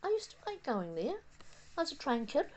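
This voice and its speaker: A woman's voice: high-pitched, very animated, a little hiss or hum. Rambling older New Zealand woman. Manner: rambling, halting, many fillers and restarts. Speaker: vlogger. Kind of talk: casual reminiscing monologue. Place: outdoors on a windy day.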